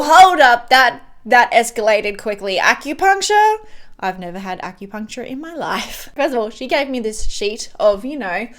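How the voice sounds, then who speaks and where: A woman's voice: mid-range voice, clear, resonant tone. A young woman chatting at home while doing her makeup, rambling with fillers and restarts as she gives a life update. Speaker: beauty vlogger. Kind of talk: chatty get-ready-with-me update.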